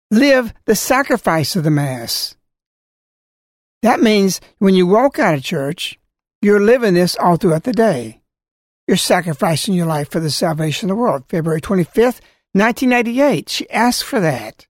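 A man's voice: high-pitched, no room sound, clean studio sound. A man giving a scolding religious talk, full of rhetorical questions and warnings. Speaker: religious speaker. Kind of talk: preaching talk.

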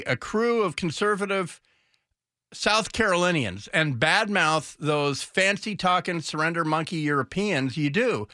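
A man hosting talk radio mocks politicians in sarcastic, offhand commentary. His voice sits a little high and sounds bright and forceful. It is recorded dry and close. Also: no room sound. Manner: sarcastic, mocking.

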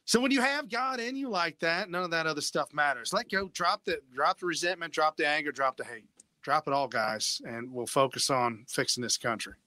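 A man with a bright, forceful voice, recorded dry and close. He talks on a casual panel, moving from wry quips to earnest urging. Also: fairly high pitch, a little fast, no room sound. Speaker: show panelist.

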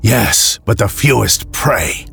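Man doing a demon, tormented, evasive, halting, gravelly and rough. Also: on the low side, animated, fairly bright tone, soft background music, exaggerated voice. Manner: halting, resisting answers.

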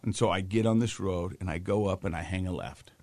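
A middle-aged man co-hosting a casual talk show, telling a story with lively quoted voices. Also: sits low, brisk, no echo. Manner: animated storyteller, acts out quotes. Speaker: podcast co-host.

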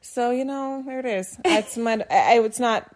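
A woman's voice: on the high side, normal speed. Chatty woman podcast host telling a story. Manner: animated storyteller, lots of "like" and restarts. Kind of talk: casual chat, storytelling.

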